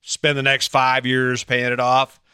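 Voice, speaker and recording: Older male vlogger: bright, crisp voice, dry close sound, teasing and sarcastic, rambles. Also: mid-range voice, completely flat delivery, a little slow, dry recording. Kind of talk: casual monologue to camera.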